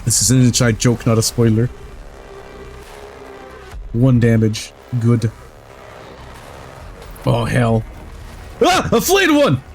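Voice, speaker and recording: A man streaming a video game in casual chat, excitable, swearing freely and laughing often while he yells at the game. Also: medium pitch, takes it slowly, creaky, long pauses, faint music behind.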